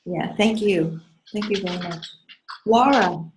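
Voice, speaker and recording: A woman facilitating a video call, responding with soft affirming murmurs. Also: fairly low pitch, a little slow, noisy background.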